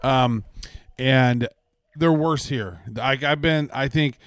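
A man's voice: medium pitch, takes it slowly, no room sound, clean studio sound. A man co-hosting a podcast who rambles in a loose, casual way. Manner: rambling, loose talk with fillers and mild swearing. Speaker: podcast co-host. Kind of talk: casual chat.

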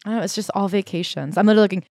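A woman's voice: medium pitch, racing, a little mellow, no echo, clean studio sound. A woman co-hosting a casual book-review chat, recapping the story and dropping wry asides. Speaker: podcast co-host.

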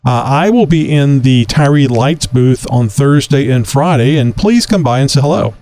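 A man's voice: mid-range voice, moderate pace, dark tone. A man from Texas hosting a casual talk show, rambling with many fillers. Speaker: podcast host.

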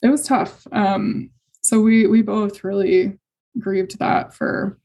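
A young adult woman telling a personal story in conversation, hesitant and emotional, with many fillers and soft laughs. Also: mid-range voice, level tone, slow, gravelly. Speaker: guest sharing fertility story.

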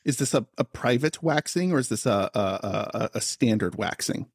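A man's voice: mid-range voice, animated, moderate pace, slightly rough, dry recording, clean studio sound. A man co-hosting a comedy podcast, playfully teasing and riffing on silly hypotheticals. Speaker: podcast co-host. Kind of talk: casual comedic chat.

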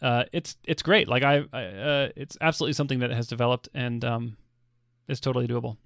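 An American podcast co-host talks fast in a mid-range voice that is steady, creaky, and fairly bright. He chats casually, laughs easily, and hesitates with fillers.

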